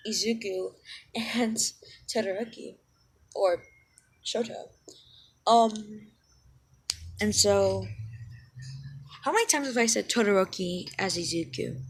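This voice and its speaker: A woman's voice: mid-range voice, vocal fry, a little hiss or hum, rough recording. A young woman casually retelling a fan story, rambling and often correcting and apologizing for herself.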